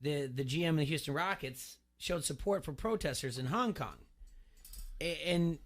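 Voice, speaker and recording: A man's voice: a little high, lively intonation, normal speed. A man co-hosting a sports talk radio show from the studio, talking in a rambling way with many restarts. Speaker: radio co-host.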